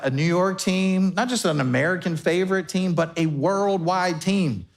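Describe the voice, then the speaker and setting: A man, the pastor, preaching a sermon to his congregation in a conversational way, slipping into everyday back-and-forth dialogue to make his points. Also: on the high side. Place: church sanctuary before a congregation.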